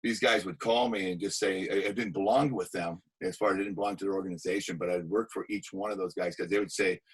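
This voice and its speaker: A man with a husky, fairly low voice tells anecdotes from his career as an actor and stuntman. He talks casually and with energy, slipping into the voices of the people he quotes. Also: quick pace, low-quality recording. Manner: animated anecdotes with acted-out quotes. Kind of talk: casual interview storytelling.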